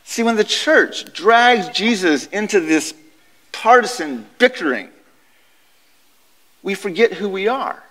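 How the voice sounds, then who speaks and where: High-voiced man preaching in an echoey chapel. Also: slow pace, long pauses. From United States. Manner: animated storytelling, conversational. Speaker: guest chapel speaker. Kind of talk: sermon. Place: university chapel.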